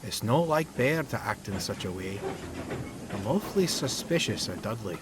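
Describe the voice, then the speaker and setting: A man's voice: on the low side, big pitch swings, moderate pace. A man voicing a shrewd, loyal male diesel engine with a Scottish brogue, in a noisy recording. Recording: loud background noise.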